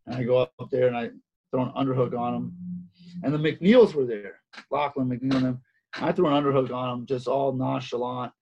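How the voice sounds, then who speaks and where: A man's voice: mid-range voice, steady tone, moderate pace, dark tone, a little hiss or hum. A man who coaches wrestling, telling stories in a casual interview with lots of repeated phrases and fillers. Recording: dull lo-fi sound.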